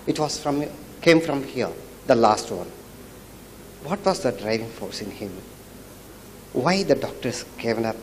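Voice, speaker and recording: A man asking a question from the audience, emotional, halting and apologetic. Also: mid-range voice, expressive, a little hiss or hum. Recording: long hall reverb with faint ambience.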